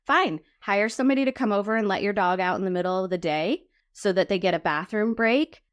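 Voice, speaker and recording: A woman's voice: medium pitch, fairly quick, clean tone. Emphatic woman podcast host. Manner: emphatic, repeats points for stress. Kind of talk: conversational interview.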